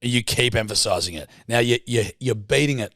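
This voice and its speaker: A man's voice: medium pitch, a little fast, a bit bright, no echo, clean studio sound. An Australian man co-hosting a podcast, bantering and teasing with plenty of swearing. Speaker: podcast co-host. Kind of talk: casual banter.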